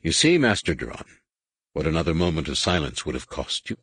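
A man reading the part of a stern, dignified alien admiral who speaks in a dry, measured way. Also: very deep voice, sing-song, a bit bright, breathy edge, no room sound, heavily acted.

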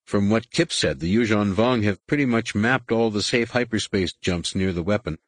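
A man's voice: fairly low pitch, moderate pace, dry recording, voice pushed up, natural voice. A man reading the part of a blunt veteran pilot officer who speaks in a dry, businesslike way. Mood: dry firm.

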